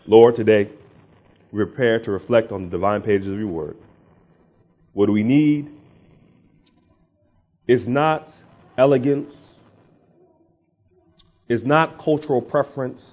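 In a mid-range voice, a male pastor preaches slowly with frequent pauses, his conversational delivery swelling now and then into emphatic outbursts. Prayer and scripture readings are part of the sermon, and the sound quality is dull and lo-fi.

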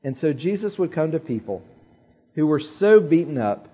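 A man preaching a sermon, telling a story in an animated way with dramatic pauses and repeated phrases. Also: on the high side, husky, lo-fi sound. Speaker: pastor.

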